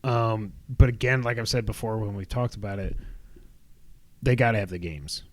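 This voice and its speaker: A young man co-hosting a casual gaming podcast, running through news items with quick asides. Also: lowish voice.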